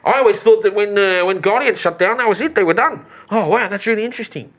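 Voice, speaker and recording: A woman's voice: medium pitch, fast, pitched above the performer's own voice, natural voice. A woman voicing a nervous, eager male relic trader in a shell diving suit, his voice muffled from inside a helmet, who exclaims a lot. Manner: eager, chirpy, exclaiming "wowzers" and "crikey".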